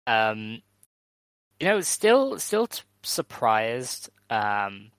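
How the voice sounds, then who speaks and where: A man co-hosting a casual podcast, talking in a measured way with frequent "um"s as he goes over details. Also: medium pitch, big pitch swings, clean tone, no echo. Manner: measured, many "um"s, runs through show details. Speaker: podcast co-host. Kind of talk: casual chat reviewing wrestling shows.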